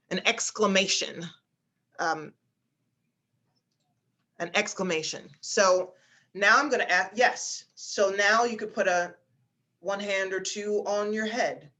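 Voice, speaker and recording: Speech coach lady on a video call, explains resonance, jumps up high for demo exclamations, lots of ums. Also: unhurried, fairly bright tone. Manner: demonstrates pitches with exaggerated exclamations, frequent fillers. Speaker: speech instructor. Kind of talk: online voice class instruction.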